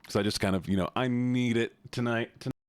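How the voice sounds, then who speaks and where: A man's voice: mid-range voice, quick pace, smooth, no echo, studio quality. A man streaming a game, chatting playfully and talking to his viewers as if they were pets. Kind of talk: casual chat while gaming.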